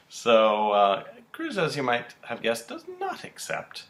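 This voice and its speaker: A man co-hosting a podcast, casually recapping soap-opera episodes in an animated storytelling way and acting out the characters' lines. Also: mid-range voice, slow. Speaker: podcast co-host.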